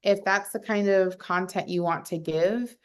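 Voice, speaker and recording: A young adult woman, a realtor, chatting casually over a video call, animated and full of fillers. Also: mid-range voice, measured pace, clean tone. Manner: chatty, animated, acts out quotes with lots of fillers. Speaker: realtor panelist.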